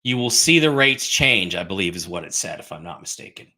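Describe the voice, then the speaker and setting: Man, livestream host, bright tone, rambling, casual, many fillers. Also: deep voice, very animated, fairly quick. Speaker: host of an online news livestream. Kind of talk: casual livestream chat reading viewer comments.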